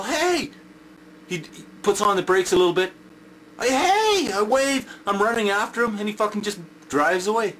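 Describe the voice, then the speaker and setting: An older Canadian man venting in an angry rant to camera, swearing heavily, yelling and repeating himself. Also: on the high side, a little hiss or hum. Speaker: vlogger.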